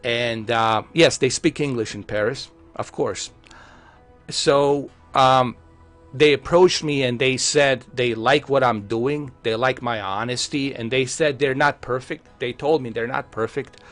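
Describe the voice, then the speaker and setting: A man's voice: medium pitch, measured pace, a bit bright, faint music behind. A man chatting casually on a live stream who often breaks into heated, profane rants, with many fillers. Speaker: tech streamer.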